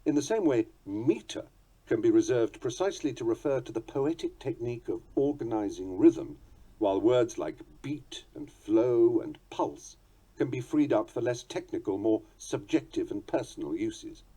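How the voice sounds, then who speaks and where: A man reading a book on poetry aloud in a measured, articulate and playfully precise manner. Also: mid-range voice, animated, warm tone, husky. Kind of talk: audiobook narration.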